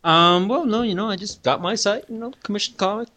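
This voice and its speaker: A man co-hosting a casual podcast chat, his voice a bit higher than most men's. He talks hesitantly, circling back over his words and leaning on fillers. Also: a little fast, pushed and bright. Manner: hesitant, full of "you know" fillers and repeats. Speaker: podcast co-host.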